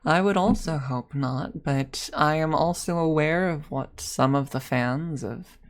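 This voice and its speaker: A woman's voice: sits low, unhurried. A young woman ASMR streamer sharing frank opinions in a casual, musing monologue full of tag questions.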